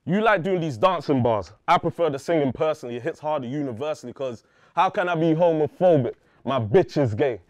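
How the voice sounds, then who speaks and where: A British man performing a battle rap at a live event, delivering mocking punchlines in a measured way. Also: on the high side, animated, no room sound. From United Kingdom. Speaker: battle rapper.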